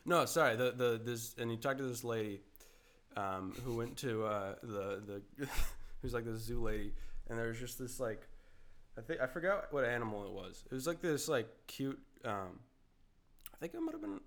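A man hosting a laid-back podcast, wandering from thought to thought and restarting his sentences often. He chuckles his way through, speaking at an ordinary middle pitch into a close podcast mic. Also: normal speed, fairly bright tone. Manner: rambling, chuckling, lots of restarts. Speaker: podcast host. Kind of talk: casual chat. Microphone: studio-style podcast mic, audio only.

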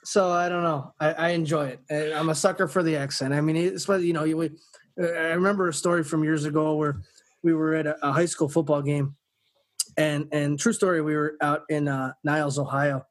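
A man's voice: fairly high pitch, little pitch movement, a little fast. A man co-hosting a podcast in casual chat, telling rambling stories with many restarts. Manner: rambling storyteller, restarts often. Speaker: podcast co-host.

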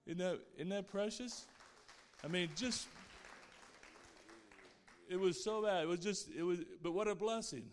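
A man with a somewhat high voice gives an earnest, heartfelt faith testimony. His words carry a long reverb, as if spoken in a large hall. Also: measured pace, long pauses, some chatter behind, slight background noise. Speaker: guest speaker sharing his testimony.

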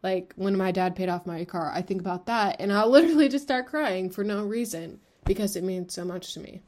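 A woman's voice: medium pitch, brisk, few pauses, darkish tone. A woman in her twenties hosting a solo podcast, talking frankly and rambling, with lots of fillers and swearing. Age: 20s. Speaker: podcast host. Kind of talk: candid solo podcast talk.

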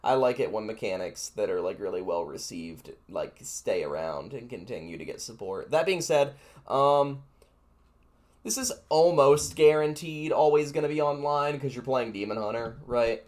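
Excited and rambling, this podcast co-host goes through rating cards in a relaxed chat that's full of fillers. He has a medium-pitched voice and speaks at a normal speed.

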